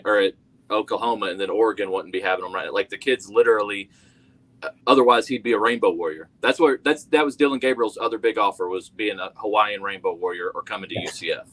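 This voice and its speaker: A man's voice: on the low side, a bit bright, rough recording. A man talking college football as a guest, talkative and correcting himself as he goes. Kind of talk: casual sports talk.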